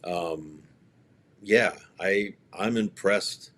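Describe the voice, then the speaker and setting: A man's voice: low-pitched, extremely slow, a bit bright. A man as a guest hockey writer, giving rambling opinions with many restarts. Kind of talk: casual interview chat.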